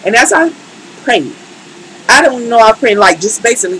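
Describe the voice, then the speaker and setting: A woman's voice: medium pitch, expressive, moderate pace, a bit bright, a little hiss or hum, rough recording. A woman tarot reader in a casual live stream, speaking emphatically and colloquially and talking straight to her chat.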